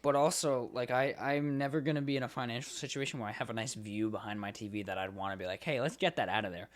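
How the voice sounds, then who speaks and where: A man's voice: mid-range voice, fast talker. A young man co-hosting a casual podcast, joking, swearing and laughing often. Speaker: podcast co-host. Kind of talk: casual chat.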